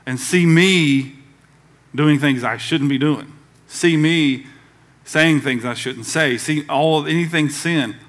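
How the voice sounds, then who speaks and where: A man's voice: a little high, slow pace, a bit bright. A man from the American South preaching a conversational sermon as pastor, acting out quoted voices along the way.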